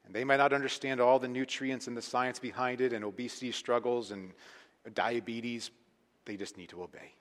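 A man delivering a sermon as pastor, chatting with the congregation one moment and pressing a point hard the next. His voice is bright and forceful. It rings out with a long reverb through a large hall. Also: medium pitch, little pitch movement, normal speed. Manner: conversational, emphatic, swings from loud to hushed.

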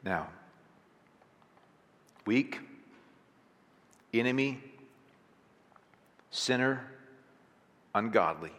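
A man's voice: mid-range voice, expressive, drawn-out words, pauses often, fairly bright tone. Man, pastor, sermon, rhetorical questions, long hall echo, church. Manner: conversational preaching with rhetorical questions. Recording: long reverb of a large hall.

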